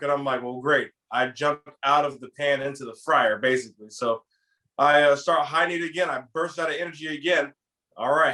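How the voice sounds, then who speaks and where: A man casually telling a story from his youth to a friend, animated and acting out the lines he quotes. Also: a little high. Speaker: podcast co-host telling a story.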